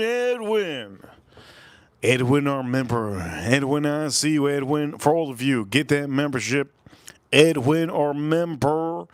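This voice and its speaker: A man's voice: fairly high pitch, no room sound. A man hosting a live stream in a loose, repetitive, chatty way, calling out viewers' names one after another. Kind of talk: casual live stream chat.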